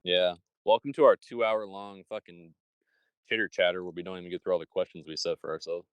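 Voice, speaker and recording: A man's voice: sits low, steady tone, fairly quick, clean tone, no room sound, dull audio. A young man from Michigan with a Michigan accent, co-hosting a casual podcast chat and telling rambling, profanity-laced stories. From Michigan, USA. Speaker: podcast co-host.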